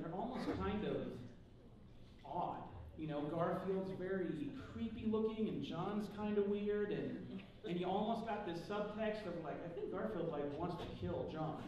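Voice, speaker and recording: A man telling comic stories to a live audience at a convention panel, mocking himself and acting out quoted dialogue. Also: high voice. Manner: joking, self-mocking, acts out quoted dialogue. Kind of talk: comedic storytelling to a live audience. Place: large convention panel hall. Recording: echoey hall from far off, noisy.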